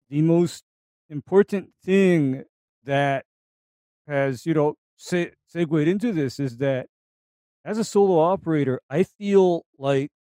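A man in casual conversation, speaking about running a solo business in a deliberate, emphatic way, with halting phrasing. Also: on the high side, warm tone, dry recording. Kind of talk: casual chat.

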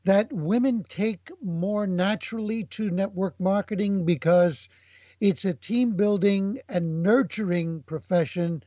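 A man with a notably high voice hosts an interview. He asks his guest questions in an encouraging way. The sound is dry and close, with no room around it. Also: warm tone, no echo.

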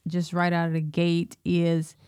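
A Southern woman from Alabama tells her story in a measured, earnest way. Her voice sits low and keeps a steady, even melody. The sound is dry and close, with no room around it. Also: clean tone, no room sound. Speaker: school superintendent, guest. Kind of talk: podcast interview.

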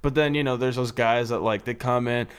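A man, a stand-up comic, talking casually, loud and animated, swearing freely. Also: mid-range voice, brisk, clean tone. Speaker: stand-up comedian. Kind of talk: casual chat.

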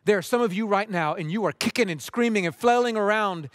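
This pastor speaks a little fast with hardly any pauses, his fairly high voice swinging from pleading urgency to quiet, soft appeals in an impassioned pulpit sermon. The audio is close and dry with no room sound.

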